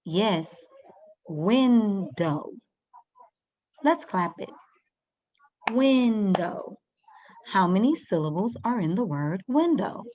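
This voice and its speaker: A woman's voice: mid-range voice, very animated, normal speed, hardly any pauses, a little mellow, lo-fi sound. A woman teaching a first-grade reading lesson, patiently sounding out words and guiding young children step by step.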